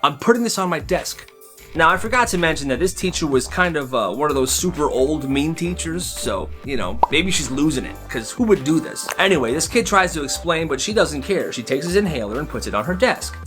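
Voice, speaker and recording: Male storytime narrator, casual and chatty, slightly high voice. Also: fairly quick, few pauses, music in the background. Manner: lively, casual, commenting on the stories.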